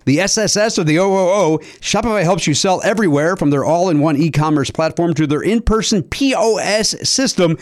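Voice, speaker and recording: A man's voice: high voice, a little fast, hardly any pauses. A man co-hosting a podcast, teasing his guests in a wry, dry way and reading ads. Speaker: podcast co-host. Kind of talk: casual chat and ad read.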